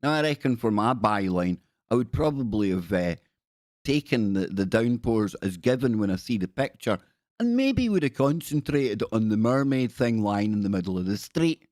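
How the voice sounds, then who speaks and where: A man's voice: lowish voice, big pitch swings, normal speed, darkish tone, no echo, clean studio sound. A Glaswegian man from Scotland hosting a live stream, chatting in a jokey, rambling way and often breaking off mid-sentence. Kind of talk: casual live-stream chat.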